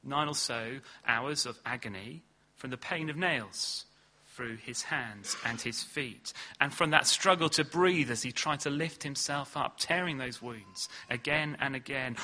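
A man preaching a sermon in earnest, leaning hard on key words and then dropping low and slow. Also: pushed and bright. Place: church hall.

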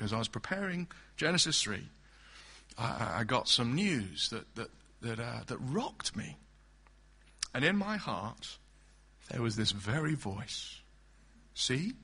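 A man's voice: medium pitch, sing-song, measured pace, vocal fry, pushed and bright, breathy edge. A man preaching an expository sermon in an earnest, emphatic way, asking the congregation direct questions.

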